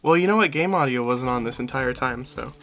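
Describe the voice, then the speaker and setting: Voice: medium pitch, expressive, fairly quick, fairly bright tone, soft background music. A streamer chatting casually while playing a game with friends, rambling and self-interrupting. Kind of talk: casual gameplay stream chat.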